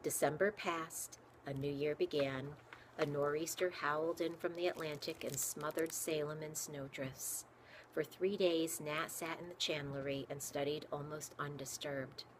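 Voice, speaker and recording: A woman narrating a children's chapter book in steady, clear storytelling. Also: low voice, unhurried, slight background noise. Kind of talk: audiobook reading for children.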